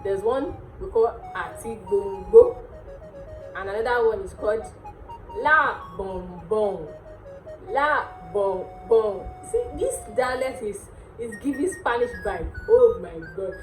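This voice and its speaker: A Nigerian woman hosting a casual language lesson, repeating words slowly and laughing often. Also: fairly high pitch, animated, warm tone. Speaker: dialect teacher and channel host. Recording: echoey room with faint music.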